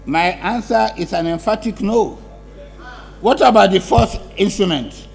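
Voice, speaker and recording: Man chairing a parliament debate, slow deliberate talk, raised pitch, firm and emphatic. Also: gravelly, faint music behind. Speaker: speaker of parliament. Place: parliament chamber.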